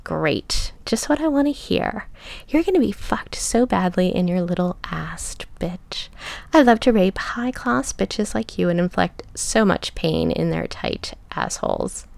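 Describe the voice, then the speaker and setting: A woman voicing a cruel, sadistic man, hushed and taunting. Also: expressive, unhurried, vocal fry, dry recording, full character voice. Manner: low, hushed, often whispered taunting. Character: cruel, sadistic adult man, a paying client.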